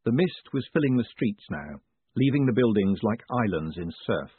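A man narrating an audiobook in a lively, expressive storytelling manner, through a tinny, phone-like recording. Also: lowish voice, moderate pace, breathy edge, dry recording. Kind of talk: scripted narration.

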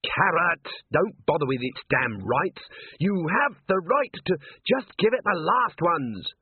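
A man voicing a bold, quick young woman city guard in a storybook reading. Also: on the high side, sing-song, husky, dry recording, pitched above the performer's own voice, heavily acted. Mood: urgent. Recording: tinny phone-like sound.

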